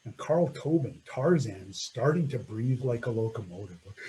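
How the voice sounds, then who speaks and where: A middle-aged man telling an animated story about a mountain climb, laughing often and acting out what people said. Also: medium pitch, breathy edge, rough recording. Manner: animated, laughs often, acts out quoted voices. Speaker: mountaineer recounting a first ascent. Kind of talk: storytelling talk.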